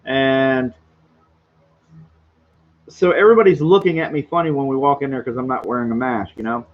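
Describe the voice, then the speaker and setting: A man hosting a casual livestream and reading out chat, rambling and boisterous, with a slightly hoarse throat. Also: mid-range voice, normal speed, dull audio. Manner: rambling, boisterous, self-deprecating.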